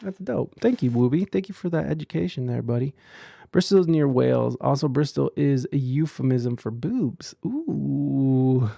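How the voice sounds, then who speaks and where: Gravelly rambling podcast host, man. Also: medium pitch, moderate pace, warm tone, no room sound, studio quality. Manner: rambling, stumbling restarts, crude jokes. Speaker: podcast host reading chat. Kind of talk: casual crude commentary.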